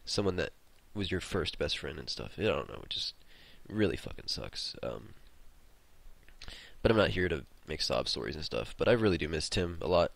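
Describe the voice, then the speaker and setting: Gaming host, male, low register, rambling and profane, dry close sound. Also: sing-song, normal speed, vocal fry, fairly bright tone, no room sound. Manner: rambling, swears freely. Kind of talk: casual storytelling over gameplay.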